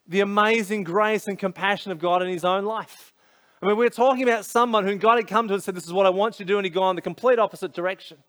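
An Australian man with a fairly high voice delivers a sermon. He talks like he is telling a story to friends, with casual slang and lots of asides. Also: a bit bright. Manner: conversational, storytelling, many asides. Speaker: pastor.

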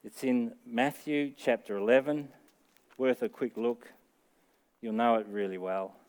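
A man's voice: medium pitch, fairly even intonation, unhurried, a little mellow, clean tone. A middle-aged man with an Australian accent, preaching a sermon in an earnest, conversational way that rises to emphatic peaks. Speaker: pastor.

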